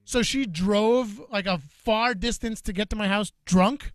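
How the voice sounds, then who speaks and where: A man co-hosting a home-studio talk show, telling a long story in a rambling, animated, profane way and stumbling over his words. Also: high-pitched, unhurried, no echo. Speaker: podcast co-host. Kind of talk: casual storytelling chat. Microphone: studio microphone.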